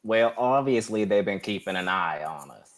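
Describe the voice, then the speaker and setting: Low-voiced male tabletop player. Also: animated, moderate pace. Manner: casual, describing his actions in first person. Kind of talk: tabletop game play.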